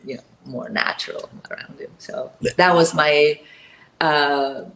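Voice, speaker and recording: A woman chatting as an interview guest, animated and quick to laugh. She acts out the people in her story. The room around her is noticeably echoey. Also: deep voice, creaky, slight background noise. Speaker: guest actress. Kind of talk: casual interview chat.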